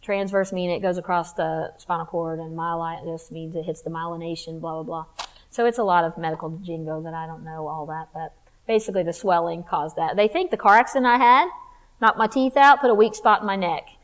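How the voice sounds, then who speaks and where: A woman's voice: on the low side, fairly even intonation, brisk. A woman speaking at a women's church conference, sharing a personal testimony in a conversational, confiding way with emphatic rises.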